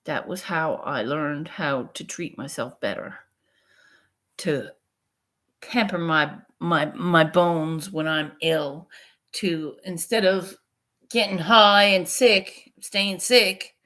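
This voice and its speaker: A woman's voice: low voice, takes it slowly, a bit bright. A woman vlogger telling a personal story in a frank, rambling, profane way. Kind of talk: casual storytelling vlog.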